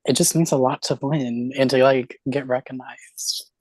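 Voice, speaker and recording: A woman who just won an online game, talking in an excited, gushing, giggly way. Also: extremely low pitch, normal speed, no room sound. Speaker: game winner. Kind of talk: casual chat.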